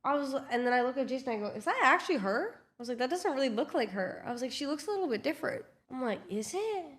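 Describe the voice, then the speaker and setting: A woman's voice: sits high, very fast. A young woman telling a casual storytime vlog, chatty and full of swearing and filler words, acting out what everyone said. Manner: chatty, swears a lot, lots of "like", acts out quotes.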